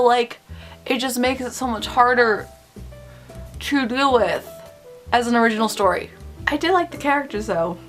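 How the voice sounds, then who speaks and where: A woman hosting a casual film review vlog, opinionated and nitpicking, often laughing between points. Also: fairly high pitch.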